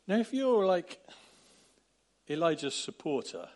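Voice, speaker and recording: A man preaching a sermon, retelling a story with lively, animated delivery and acted-out quotes. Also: high voice, moderate pace. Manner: animated, acts out quotes with sudden loud bursts.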